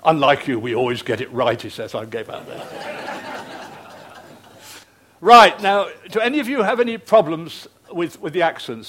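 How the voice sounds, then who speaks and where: A man's voice: on the high side, a bit bright. An older British man, a retired television producer, telling anecdotes to an audience with frequent fillers and restarts. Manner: chatty storyteller, hesitant fillers and restarts.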